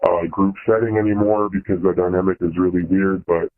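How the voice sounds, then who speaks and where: A young man calling in to share a painful personal story, talking in a halting, hesitant way with many restarts and fillers. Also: low-pitched, steady tone. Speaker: caller. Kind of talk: personal confession on a call-in show. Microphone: phone. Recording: phone line.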